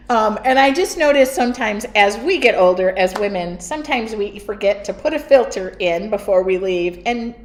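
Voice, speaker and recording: A middle-aged woman hosting her art studio livestream, chatting casually and laughing often in a loud, talkative way. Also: mid-range voice, expressive, normal speed. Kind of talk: casual chat during a livestream.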